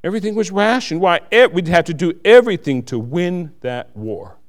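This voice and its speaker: A man's voice: high voice, lively intonation, moderate pace. A man giving a church testimony, earnest and self-mocking, laughing at his own stories.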